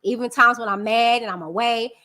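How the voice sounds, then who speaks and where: A woman's voice: a little high, brisk, pushed and bright. A woman hosting a live stream, talking candidly and emphatically to her viewers, calling them y'all. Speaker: channel host.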